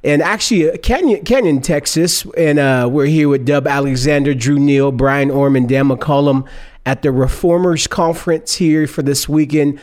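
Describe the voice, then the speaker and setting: A man's voice: fairly high pitch, normal speed, darkish tone. A man co-hosting a podcast, casually interviewing guests with enthusiastic, affirming interjections. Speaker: podcast co-host.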